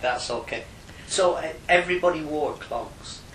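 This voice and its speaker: A man's voice: on the high side, moderate pace, fairly bright tone, slight background noise. A man interviewing, asking short prompting questions in an echoey room.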